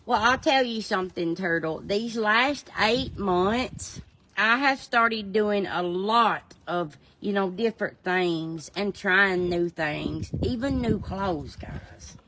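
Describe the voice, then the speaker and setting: Slow, bright woman livestreaming. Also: medium pitch, a little hiss or hum. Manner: chatty and folksy, answers commenters by name. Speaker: livestream host. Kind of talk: casual livestream chat, reading viewer comments.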